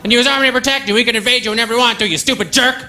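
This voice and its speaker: A man's voice: very high voice, sharp tone, voice pushed up, full character voice. A man putting on an angry, rude American man who rants indignantly during a stand-up set, recorded live with audience and noise. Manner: indignant, rapid ranting.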